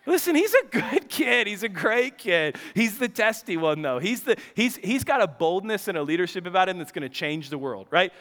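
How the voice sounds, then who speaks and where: A man in his thirties, a pastor preaching a sermon with storytelling, animated, laughing often, his voice jumping high when excited. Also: moderate pace, few pauses. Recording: long hall reverb.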